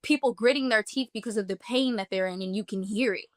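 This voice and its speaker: A woman's voice: mid-range voice, quick pace, no room sound, studio quality. A woman earnestly recounting a personal experience in vivid first-person detail, talking casually with many "like" fillers. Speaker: guest telling a personal testimony. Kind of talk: emotional first-person storytelling.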